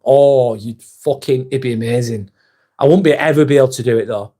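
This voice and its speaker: Hosting a live stream, a man with a dark, mid-range voice speaks fairly quickly. He reads out comments from the chat and responds in a blunt, casual way with plenty of swearing.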